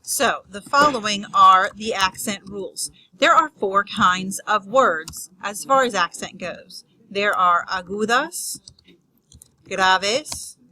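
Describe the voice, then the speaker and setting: A woman teaching a lesson on grammar rules, unscripted with restarts and fillers, spelling out terms slowly. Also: medium pitch, bright, forceful tone, poor audio. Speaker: Spanish teacher.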